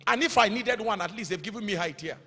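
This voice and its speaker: Nigerian male pastor, middle-aged; sharp, husky tone; sing-song delivery that bursts into shouts; hall reverb. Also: high voice, animated, quick pace. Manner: emphatic preaching, rising to shouts, sing-song cadence. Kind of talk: sermon.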